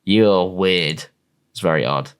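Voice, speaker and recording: A man's voice: deep voice, slow pace, smooth. A young man, mocking and swearing freely in casual online commentary. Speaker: commentary YouTuber.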